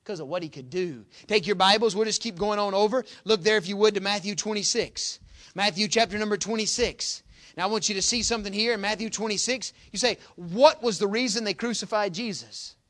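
A man preaching a sermon in a folksy manner, reading scripture loudly and dropping to quiet asides. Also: high voice, brisk.

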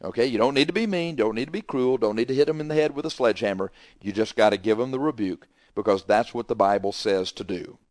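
A man's voice: mid-range voice, quick pace, few pauses, darkish tone, no echo. Emphatic preacher man, dry sound. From Texas. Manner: emphatic, retells arguments with rising heat. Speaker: pastor. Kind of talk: radio sermon storytelling.

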